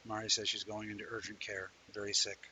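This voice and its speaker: A man's voice: lowish voice, little pitch movement, fast, bright, forceful tone, a little hiss or hum, low-quality recording. A man hosting a live online talk show, chatting in a rambling way and telling stories animatedly to viewers he greets by name. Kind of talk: casual livestream chat.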